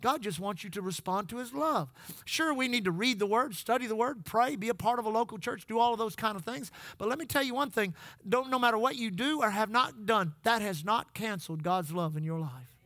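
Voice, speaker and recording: A man's voice: high-pitched, brisk, sharp tone, no echo. A middle-aged man preaching a sermon, telling folksy stories and calling out to the congregation. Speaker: pastor.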